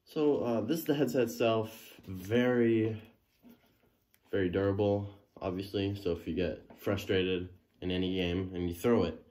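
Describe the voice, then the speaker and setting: A man's voice: low voice, a little mellow. A man casually unboxing and trying on a gaming headset, thinking aloud with many fillers and restarts. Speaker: unboxing vlogger.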